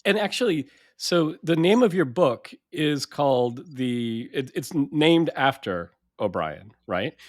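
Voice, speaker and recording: A man hosting a podcast, asking measured questions to guide the interview. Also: a little high, lively intonation, dry recording, studio quality. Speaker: podcast host.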